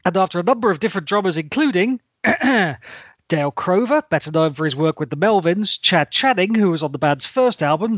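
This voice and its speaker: A man's voice: fairly high pitch, no room sound, lo-fi sound. A man co-hosting a podcast, chatting enthusiastically and jokily, reeling off long lists of facts. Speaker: podcast co-host. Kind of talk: casual chat.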